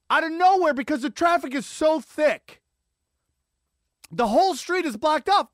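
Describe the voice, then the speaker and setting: A man's voice: extremely high pitch, no room sound, studio quality. A man hosting a podcast, telling a long profane story with lots of energy, acting out sirens and the voices of people he quotes. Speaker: podcast host. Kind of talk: animated solo storytelling rant. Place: Los Angeles area.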